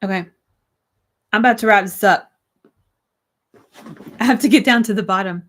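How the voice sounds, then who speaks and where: A slightly hoarse young woman casually chatting on a livestream, reading viewer comments aloud and answering them from her room. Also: medium pitch, moderate pace, fairly bright tone. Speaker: livestream host. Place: her room with string lights.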